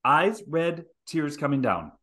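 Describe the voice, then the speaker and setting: A man's voice: fairly high pitch, slow pace. A middle-aged man hosting a podcast, telling a story with lots of swearing and acted-out voices. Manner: animated, profane storyteller acting out scenes. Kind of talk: storytelling chat.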